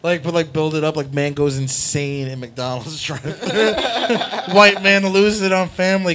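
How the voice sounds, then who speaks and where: A man's voice: a little high, unhurried, few pauses, fairly bright tone. A man hosting a live stream show, riffing on crude comedic bits with lots of fillers and laughter. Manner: rambling, laughing, filler-heavy. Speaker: host.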